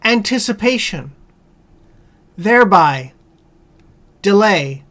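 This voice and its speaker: Very slow woman reading a word list. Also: mid-range voice, animated, a bit bright. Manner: slow, measured, one word at a time with long pauses. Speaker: vocabulary reader.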